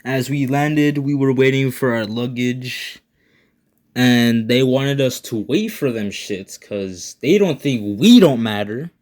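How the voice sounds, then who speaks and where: A man's voice: mid-range voice, takes it slowly, darkish tone. A young man, still a student, casually telling a personal story in a laid-back, slangy way, swearing often and filling gaps with "like". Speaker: storyteller, channel owner.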